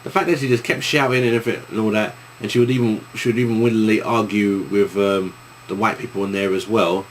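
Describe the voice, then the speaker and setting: A man's voice: on the low side, steady tone, fast, slight background noise. A young man with an East London accent, answering viewer questions in a casual vlog, rambling with many restarts.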